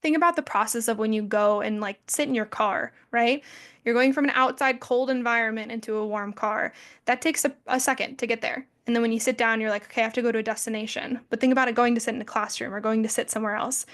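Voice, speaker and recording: A woman's voice: a little high, fairly even intonation, fast talker, a bit bright. A woman in her twenties giving a casual, friendly presentation with lots of fillers. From American Midwest family. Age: 20s. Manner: chatty, friendly, peppered with fillers. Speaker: social media presenter.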